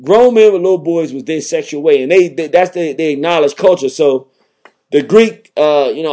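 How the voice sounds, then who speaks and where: A man's voice: on the high side, moderate pace, mellow. A man hosting a talk program, delivering a combative, emphatic monologue. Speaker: radio talk host. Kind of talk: impassioned monologue.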